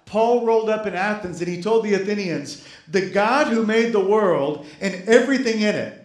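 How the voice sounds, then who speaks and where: A man's voice: high-pitched, animated, moderate pace, echoey room. A male pastor preaching a sermon, repeating key phrases and calling on the congregation to respond. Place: church sanctuary.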